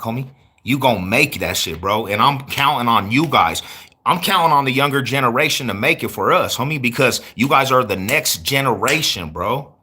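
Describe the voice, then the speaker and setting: Forceful hyped man in his forties. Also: medium pitch, animated, moderate pace, husky. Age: 40s. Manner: hyped street slang, loud shout-outs. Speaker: YouTuber. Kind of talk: casual livestream chat answering viewers.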